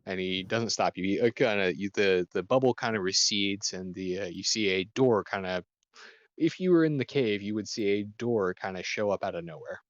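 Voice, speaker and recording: A man's voice: on the low side, moderate pace, no room sound, lo-fi sound. A man running a tabletop game as game master, hesitant and filling with "kinda" and "uh".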